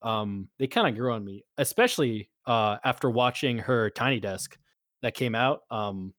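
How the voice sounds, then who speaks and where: A man's voice: mid-range voice, animated, normal speed, fairly bright tone, dry recording, clean studio sound. A man co-hosting a casual podcast, talking loosely with lots of fillers. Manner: loose, filler-heavy, upbeat. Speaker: podcast co-host. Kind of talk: casual chat.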